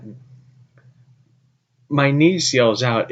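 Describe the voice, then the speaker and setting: A man's voice: medium pitch, lively intonation, takes it slowly, long pauses, muffled recording, slight background noise. A man hosting a casual show, telling a story and laughing at himself as he goes. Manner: laughs through his stories, chatty. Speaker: host. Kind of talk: casual storytelling and reading aloud.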